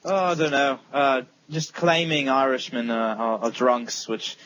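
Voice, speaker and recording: A man's voice: mid-range voice, measured pace, fairly bright tone, slight background noise, poor audio. A young man co-hosting a casual gaming podcast, rambling with lots of fillers and teasing his friends. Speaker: podcast co-host.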